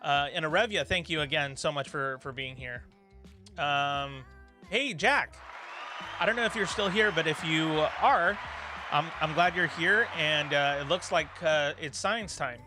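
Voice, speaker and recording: With music in the background, a man with a slightly high voice hosts a study livestream at an unhurried pace. He chats casually, reads viewer comments, and rambles encouragingly with plenty of fillers.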